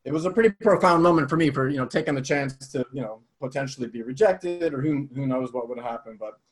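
A man as an interview guest telling a personal story in a casual, animated way. He swears freely. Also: mid-range voice, fast, breathy edge.

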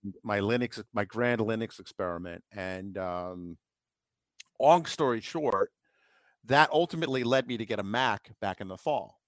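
A man with a low voice co-hosts a casual tech podcast. He chats eagerly and geeks out, with frequent ums and restarts. The sound is dry and close. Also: normal speed, no room sound. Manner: enthusiastic, geeky, many fillers. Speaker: podcast co-host. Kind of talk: casual chat.

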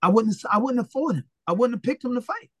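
High-voiced man telling blunt boxing stories. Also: fast talker, husky, no echo. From Philadelphia, USA. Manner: animated, blunt and profane, acts out quoted dialogue. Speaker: retired boxer, interview guest. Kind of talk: casual storytelling interview.

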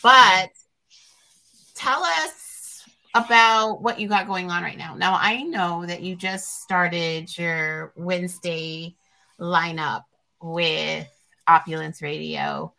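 A woman's voice: fairly low pitch, takes it slowly, creaky, bright, forceful tone. A woman hosting a podcast interview, rambling and reflective as she tells her stories. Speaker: podcast host. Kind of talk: casual interview chat.

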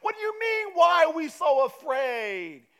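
A frantic disciple shouts in panic above a storm, as a preacher puts him on, his voice jumping very high and loud. He talks in quick, breathless slang. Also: sing-song, heavily acted. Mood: panicked.

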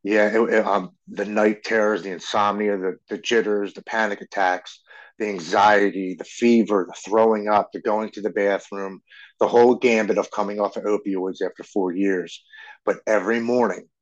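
A man in his forties, a podcast guest, earnestly tells his personal story in an interview, tripping over his words and repeating them. His low voice has a steady tone at normal speed, and the recording sounds dull and lo-fi.

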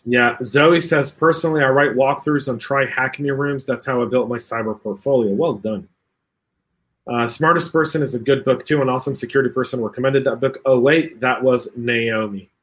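A man's voice: mid-range voice, normal speed, a bit bright. A man hosting a live video-call stream, reading viewer comments aloud and acting out the quoted voices with a laugh. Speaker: podcast host.

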